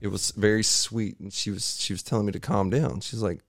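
Gravelly low-voiced man telling a story. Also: a little fast, no echo. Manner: rambling, animated storytelling with restarts. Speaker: podcast guest, triathlete. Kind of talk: casual storytelling interview. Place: home garage.

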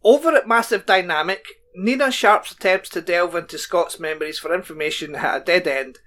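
A man's voice: high-pitched, a little fast, fairly bright tone. A man co-hosting a podcast, recapping a TV episode in casual chat with dry joking asides. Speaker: podcast co-host.

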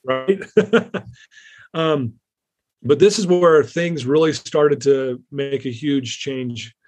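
A man's voice: mid-range voice, slow, a little mellow. A man as an interview guest, telling a personal story in an earnest, rambling way with many fillers and restarts.

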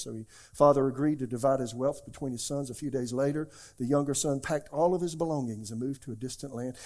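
A male pastor preaching a sermon in church to a live congregation, swinging between loud, emphatic exclamations and hushed, near-whispered asides. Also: mid-range voice.

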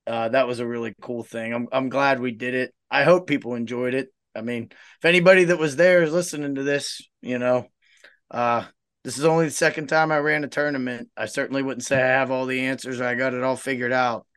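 A man's voice: mid-range voice, brisk, clean tone, no echo. A man co-hosting a casual fishing podcast, telling a story with plenty of laughter and acting out what his father said. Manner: laughing storyteller, lively impressions of his dad. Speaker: podcast co-host; tournament organizer. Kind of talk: casual chat.

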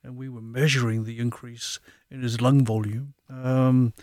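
A man who works as an osteopath and acupuncturist, telling anecdotes as a guest in a relaxed, chatty way. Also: medium pitch, unhurried, no room sound, clean studio sound. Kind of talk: conversational anecdotes.

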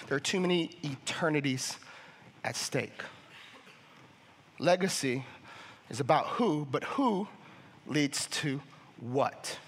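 A young male pastor preaching with fervent passion, his voice high and bright as it carries through a church auditorium's long reverb. He stumbles over repeated words and pushes toward a shout as his point builds. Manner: passionate, rising to near shouting, with many restarts. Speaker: family ministries pastor. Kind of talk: sermon.

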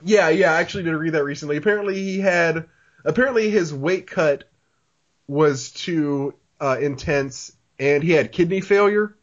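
Male podcast host, casual rambling chat, slightly high voice, dull lo-fi recording. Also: normal speed. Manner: rambling, lots of "like" fillers, laughs often. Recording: dull lo-fi audio.

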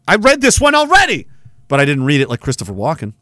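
A man's voice: a little high, huge pitch swings, quick pace, pushed and bright, no room sound, studio quality. A man hosting a live stream, chatting casually in a rambling, profane way and laughing often. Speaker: podcast host. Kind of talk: casual livestream chat.

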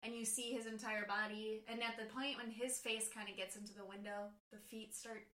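A young woman with a bright, forceful voice pitched a bit high recaps a book in casual chat, animated and slangy with the odd curse. The sound is roomy, with clear echo off the walls. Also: fairly quick. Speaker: podcast co-host.

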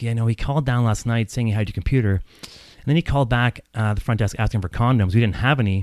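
With no room sound around him, a man with a fairly low voice spins a long, casual personal story, animated and rambling, full of profanity and laughter.

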